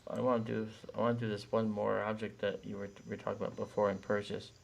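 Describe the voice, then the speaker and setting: A man hosting a live telescope stream in casual chat, very tired, talking in a relaxed way with many fillers. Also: fairly low pitch, fast, gravelly, a little hiss or hum. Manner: relaxed, thinks aloud with fillers. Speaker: livestream host running a telescope.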